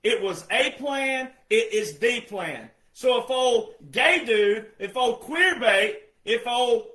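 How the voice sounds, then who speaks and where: A man delivering a heated, scolding monologue, firing off repeated rhetorical questions and often raising his voice to a shout. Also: very high-pitched, lively intonation, slow, reverberant. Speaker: online commentator. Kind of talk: ranting monologue.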